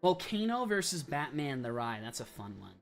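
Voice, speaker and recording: Young male streamer, mid-pitched, casual and chatty, quick calls with asides, faint music under him. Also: very animated. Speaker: livestream host. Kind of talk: casual live-stream commentary.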